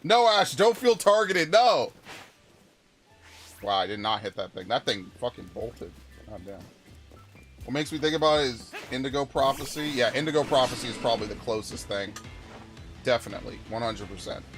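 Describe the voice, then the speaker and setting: A man's voice: mid-range voice, brisk, a bit bright. A man giving profane, ranting let's-play commentary while reacting to chat comments. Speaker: gaming YouTuber. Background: game music.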